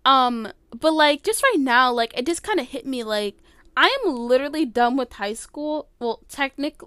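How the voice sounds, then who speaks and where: A high-voiced young woman in her late teens runs her podcast from her bedroom, recording on a phone. Her voice is smooth and the sound is dry and close, with no room around it. She rambles in a loose, chatty way, packing her sentences with fillers and cutting herself off mid-thought. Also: expressive, moderate pace, fairly bright tone, no room sound. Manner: rambling, filler-heavy, self-interrupting. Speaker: podcast host. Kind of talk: casual solo podcast chat. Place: bedroom at home.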